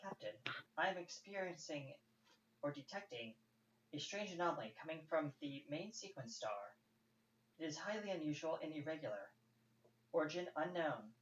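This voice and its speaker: A man voicing a damaged spaceship computer that stutters and crackles through flat announcements, in a roomy, dull recording with faint hiss. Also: on the high side, moderate pace, pauses often, voice pushed up. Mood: calm.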